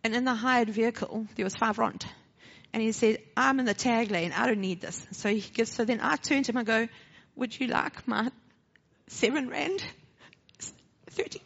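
A woman's voice: fairly high pitch, normal speed, creaky. A woman with a South African accent telling a personal testimony at church, acting out the dialogue, then moving into a short sermon. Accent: South African English. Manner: animated storytelling, acting out dialogue. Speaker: church speaker sharing a testimony. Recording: dull lo-fi recording.

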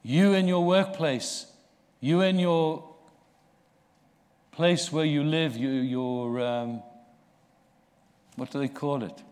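A man preaching a sermon, slow and earnest, rising in force for emphasis. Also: on the high side, fairly even intonation, a little mellow. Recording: long reverb of a large hall.

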